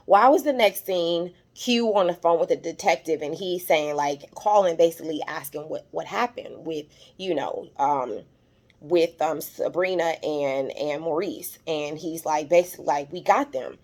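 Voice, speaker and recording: A woman's voice: deep voice, moderate pace, darkish tone. A young adult woman casually recapping a TV episode, retelling scenes with lots of fillers. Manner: chatty, retells scenes quoting characters, many fillers; gets emotional, voice rises when moved. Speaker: YouTube TV recap host.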